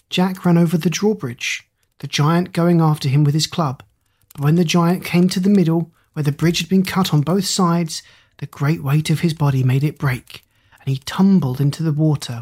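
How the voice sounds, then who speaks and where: A narrator reading an old fairy tale aloud in a measured, even way. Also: mid-range voice, slightly rough. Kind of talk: storybook narration.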